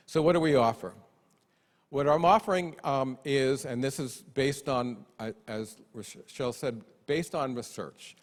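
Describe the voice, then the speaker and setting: Male conference speaker, mid pitch, playful and self-deprecating, long hall reverb. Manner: lively, self-deprecating humor, acts out parents' voices. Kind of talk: conference keynote talk.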